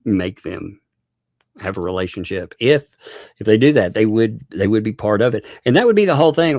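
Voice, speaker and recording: A man's voice: fairly low pitch, darkish tone, no room sound, studio quality. A man hosting a live stream, chatting casually, laughing often and thanking viewers by name.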